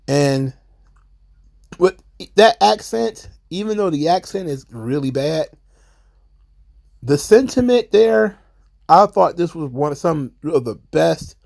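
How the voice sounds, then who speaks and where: A man giving a casual, chatty recap of a wrestling episode, paraphrasing what the characters said in quick offhand voices. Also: on the high side, animated, vocal fry, darkish tone. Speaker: wrestling show reviewer.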